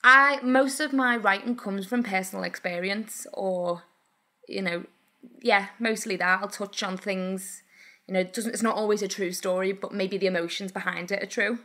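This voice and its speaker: A young woman chats as a podcast guest, telling stories in an animated way full of ums and likes. Her voice is bright and forward, at a medium pitch. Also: moderate pace. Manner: animated, storytelling, filler-heavy. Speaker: guest singer-songwriter. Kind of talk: casual interview chat.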